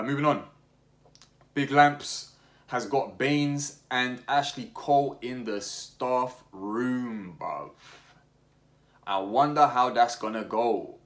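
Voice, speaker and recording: A young man talking casually about football as a podcast host, full of slang, restarts and fillers. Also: medium pitch. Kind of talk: casual opinionated chat.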